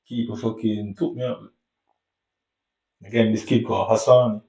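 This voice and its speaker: A man's voice: lowish voice, little pitch movement, darkish tone. A young man from Jamaica with a Jamaican accent, telling a long, rambling story in a casual, slangy way. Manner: rambling, slangy, loose and unhurried. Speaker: vlogger. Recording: echoey room, distant dull mic.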